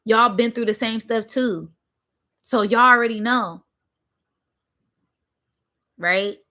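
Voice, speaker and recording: Taking it slowly, a young adult woman with a fairly high, pushed, bright voice delivers a heartfelt livestream monologue on her spiritual channel. She preaches emphatically, swears often, keeps saying "right?" and "y'all," and is close to crying.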